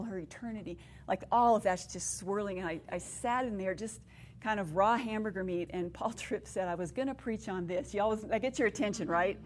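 A middle-aged woman gives a heartfelt testimony and Bible teaching to a live audience. She tells her story with lively energy and acts out each quote. Her voice sits at a medium pitch, with a faint hiss of noise behind it. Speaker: women's conference speaker.

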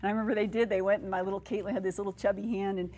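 A middle-aged woman speaking to a women's gathering, telling stories in a chatty, animated way and laughing at her own anecdotes. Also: mid-range voice, very fast, slightly rough. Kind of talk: sermon.

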